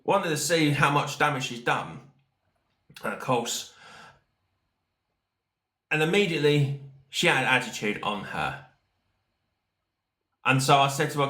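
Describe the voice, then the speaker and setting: A man's voice: medium pitch, animated, unhurried, long pauses, bright, forceful tone. Rambling man in an echoey room. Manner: rambling, many fillers and restarts. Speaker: podcast host. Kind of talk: casual storytelling while reading chat.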